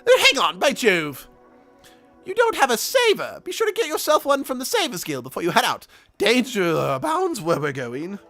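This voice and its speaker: A man voicing a pompous old gentleman archaeologist in a game, with plummy theatrical exclamations. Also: high-pitched, wildly swooping pitch, moderate pace, soft background music, voice pushed up, heavily acted. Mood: indignant.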